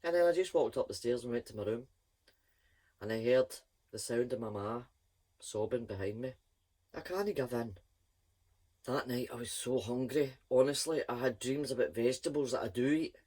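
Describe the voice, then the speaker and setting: A woman reading a children's story aloud in a lively, expressive first-person voice. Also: a bass voice, moderate pace.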